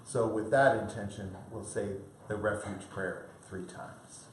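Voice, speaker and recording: A man leading a Buddhist service, explaining the refuge prayer in a calm, measured way. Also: lowish voice. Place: meditation room at a Buddhist center. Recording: echoey room, faint background hiss.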